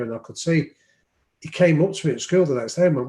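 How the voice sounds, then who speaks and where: A man's voice: fairly high pitch, sing-song, quick pace, a little mellow. A man telling stories as a podcast guest, reflective and anecdotal, with frequent ums. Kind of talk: storytelling in an interview. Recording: roomy echo.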